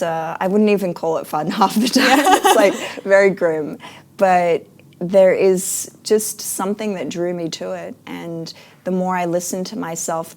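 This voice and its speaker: A woman's voice: lowish voice, a little mellow. A woman talking as an interview guest in a casual, earnest and reflective way, with frequent fillers.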